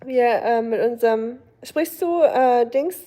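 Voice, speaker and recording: A woman's voice: fairly high pitch, unhurried, warm tone. A woman with a German accent, chatting casually and rambling with her viewers while she streams a game. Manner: chatty and rambling, with lots of fillers.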